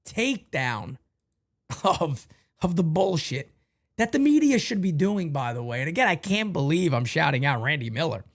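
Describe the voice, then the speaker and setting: A male host of a fan show, emotional and ranting, swinging from low muttering to shouting. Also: sing-song, moderate pace.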